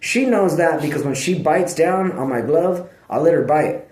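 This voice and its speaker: A man talks straight to camera in a loose, digressive monologue, full of slang and swearing. His voice sits a little high for a man. The sound bounces around a bare, echoey room. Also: normal speed, a little mellow, a little hiss or hum. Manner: profane, slangy, digressive, breaks off to scold his dog. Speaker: vlogger. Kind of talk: rambling casual monologue.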